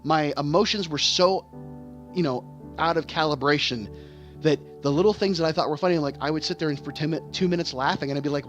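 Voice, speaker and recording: Vlogging stage actor, a man with a slightly high voice, rambles and restarts, game music underneath. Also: fast, highs cut off. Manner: rambling, repeats words, restarts often. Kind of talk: candid casual monologue. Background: game music playing.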